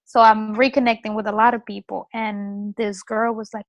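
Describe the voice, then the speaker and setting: A woman on a group video call telling a story in a soft, chatty way. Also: mid-range voice, little pitch movement, moderate pace, few pauses, no echo, low-quality recording. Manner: soft, chatty, laughs often. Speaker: team member on a call.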